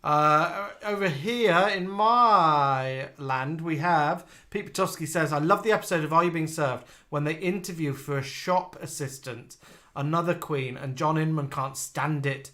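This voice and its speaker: A chatty man from the UK co-hosting a casual live stream, with a slightly raised pitch. His tone is bright and clear. He reads out viewer comments and tells stories in a gossipy way. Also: steady tone, normal speed.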